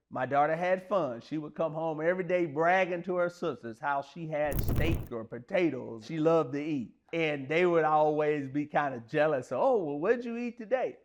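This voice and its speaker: A man's voice: on the high side, lo-fi sound. Earnest man telling life stories. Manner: earnest, conversational, plain-spoken. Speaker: speaker sharing personal stories. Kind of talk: motivational storytelling monologue.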